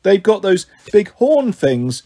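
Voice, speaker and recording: A man's voice: sits high, big pitch swings, fairly quick, voice pushed up. A man voicing a timid, fretful little girl with a worried, hesitant way of talking.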